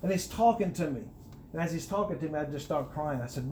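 A high-voiced, middle-aged guest talks fast as he earnestly and conversationally relates his testimony, often restarting sentences. When he drives a point home he becomes animated, and a faint hiss lies beneath the recording.

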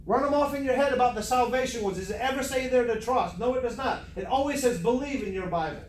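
Fervent high-voiced preacher in an echoey room. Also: male voice, fast. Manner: fervent, emphatic, repeats for stress. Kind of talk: sermon. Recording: echoey room, faint noise.

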